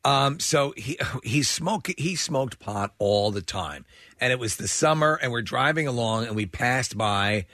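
A man's voice: mid-range voice, a little slow, no room sound, studio quality. A man hosting a radio show, telling stories in casual banter and laughing often. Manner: animated storyteller who laughs often.

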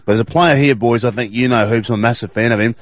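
A man's voice: medium pitch, fast, dry recording. A man giving blunt, emphatic opinions as a panelist in a sports chat. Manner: blunt, emphatic, says mate a lot.

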